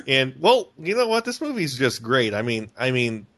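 A man co-hosting a casual podcast chat, excitable, laughing often and restarting his sentences. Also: medium pitch, a little slow. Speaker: podcast co-host. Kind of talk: casual podcast chat about an animated movie.

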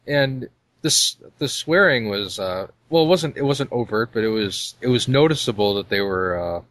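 A man's voice: medium pitch, animated, moderate pace, fairly bright tone, no room sound. A man in a casual podcast chat, hesitant and searching for his words.

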